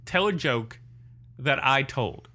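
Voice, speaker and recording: A man hosting a comedy podcast, talking haltingly with many fillers. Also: medium pitch, lively intonation, sharp tone. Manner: halting, full of uhs. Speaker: podcast host. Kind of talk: casual chat.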